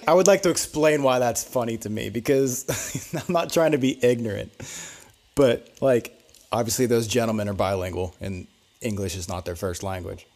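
A man's voice: mid-range voice, moderate pace, darkish tone. A man co-hosting a podcast in casual, joking chat, laughing and rambling as he explains. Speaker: podcast co-host.

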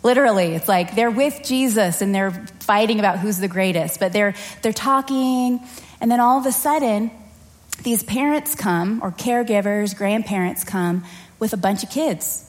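A children's or family pastor leads a prayer and then moves into a sermon during a church service. Her mid-range voice moves at a normal speed, earnest and conversational, and she acts out little scenes as she tells them.

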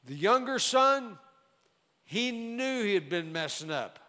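A man preaching a sermon, explaining scripture in a measured, emphatic way. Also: sits high, very animated, pushed and bright. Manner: measured, emphatic Bible exposition. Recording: long reverb of a large hall.

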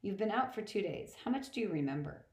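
A woman's voice: medium pitch, animated, quick pace, natural voice. A woman reading as a nervous young satyr boy. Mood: anxious. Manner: anxious, apologetic, hesitant. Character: nervous guilt-ridden young male satyr. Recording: roomy echo.

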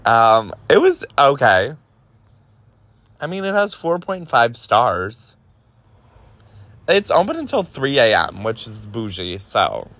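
A man's voice: mid-range voice, big pitch swings, slow pace, pauses often, fairly bright tone. Chatty young man telling a story. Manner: chatty, heavy use of "like", profane. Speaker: podcast host. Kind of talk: casual storytelling.

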